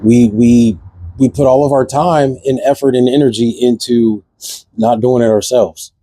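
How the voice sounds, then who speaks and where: A man delivers a fervent spiritual monologue, circling back to the same lines and firing off rhetorical questions. His tone is dark and mellow. The recording is close and dry, with no room sound. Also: mid-range voice, steady tone, a little slow, no echo. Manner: impassioned, preachy, repeats phrases, asks rhetorical questions. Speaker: vlogger. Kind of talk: passionate spiritual monologue to camera.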